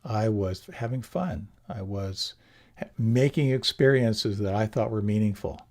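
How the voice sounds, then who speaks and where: A middle-aged man gives a dharma talk in a low voice with a gravelly edge. He speaks gently and without hurry. He often circles back and restarts a phrase. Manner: gentle, unhurried, with many restarts. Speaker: meditation teacher.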